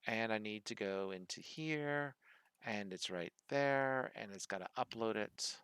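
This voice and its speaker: Bright, crisp-voiced Philly dungeon master. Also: male voice, fairly low pitch, measured pace, dry recording, studio quality. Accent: Philadelphia. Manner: thinking aloud while reading rules. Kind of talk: running an online tabletop game.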